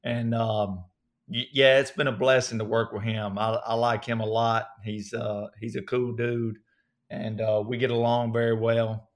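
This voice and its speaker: A man in his thirties from North Alabama with a strong Southern accent, a guest telling relaxed, folksy stories in an interview. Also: medium pitch, measured pace. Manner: relaxed, folksy storytelling with many fillers. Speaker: actor guest. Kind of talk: casual interview.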